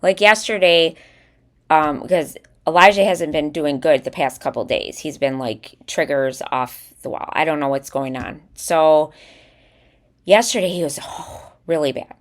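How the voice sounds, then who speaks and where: With a low-pitched voice and a slightly slow pace, a woman in her thirties co-hosts a relaxed podcast. She animatedly recounts stories about her children, performing her son's words.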